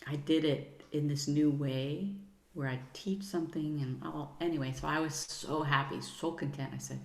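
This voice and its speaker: A middle-aged woman with a fairly low voice, speaking earnestly and soothingly as a podcast guest. She coaxes gently and uses soft pet names. Her voice carries a noticeable room echo. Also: fairly even intonation, normal speed, gravelly. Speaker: podcast guest, sound healer. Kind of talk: casual interview chat. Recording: roomy echo.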